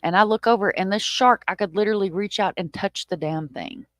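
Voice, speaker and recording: A woman hosts a live online chat and tells a tale with lots of energy and cursing. She jumps into louder, higher voices for the people she quotes. The sound is close and dry. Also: fairly quick, no room sound. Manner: animated, swearing, acts out quotes in a raised voice. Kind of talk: casual storytelling.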